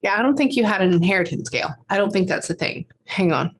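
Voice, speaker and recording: A woman in a casual reading session, chatty and animated, breaking off often with "hold on" and "wait." Her voice sits at a middle pitch for a woman. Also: slightly rough. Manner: chatty, animated, acts out quotes, frequent "hold on" pauses. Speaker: psychic medium.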